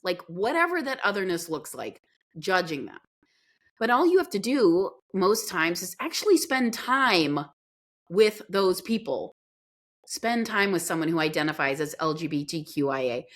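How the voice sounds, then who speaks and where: A woman guest in an interview, telling a story in an earnest, animated way. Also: fairly low pitch, moderate pace. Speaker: podcast guest.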